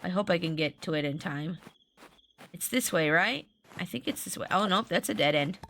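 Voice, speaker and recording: A woman's voice: on the low side, expressive, normal speed, a bit bright, slight background noise. A woman live-streaming a farming game, chatting to viewers in a rambling way and often restarting her sentences. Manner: talks to viewers and reads chat aloud. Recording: faint game music underneath.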